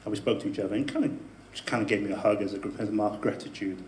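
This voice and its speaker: A man telling a personal story to a live audience in a debate speech, animated, with laughing asides and emphatic peaks. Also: lowish voice, very fast, slight background noise. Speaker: debate speaker. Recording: echoey room with faint ambience.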